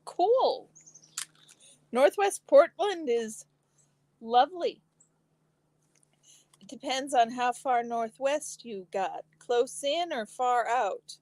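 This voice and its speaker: A woman hosting a relaxed live stream, chatting casually with viewers and answering their comments while eating. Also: sits high, takes it slowly, pauses often, dry recording, rough recording. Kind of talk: casual chat reading comments.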